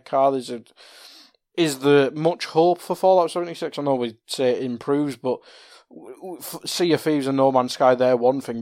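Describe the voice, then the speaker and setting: A man's voice: mid-range voice, a little mellow, no echo, studio quality. A man co-hosting a casual gaming podcast, chatty, laughing often and stumbling over words. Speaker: podcast co-host.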